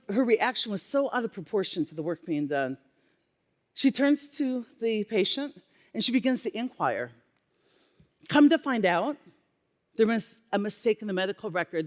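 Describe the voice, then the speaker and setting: A woman giving a keynote on stage, telling a workplace story with lively acted-out dialogue. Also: fairly high pitch. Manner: animated storyteller acting out dialogue. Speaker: keynote speaker, former healthcare leader. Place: conference stage. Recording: long reverb of a conference hall.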